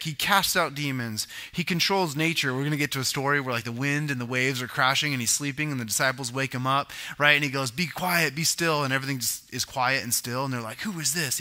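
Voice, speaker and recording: Male pastor, sermon, chatty teaching tone with asides, bright and forceful. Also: on the high side. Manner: conversational teaching with asides and self-corrections.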